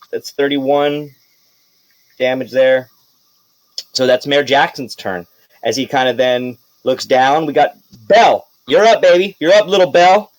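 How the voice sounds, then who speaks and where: A man narrating a tabletop game as game master, in a relaxed, rambling way with fillers and quick bursts. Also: mid-range voice, no echo, rough recording.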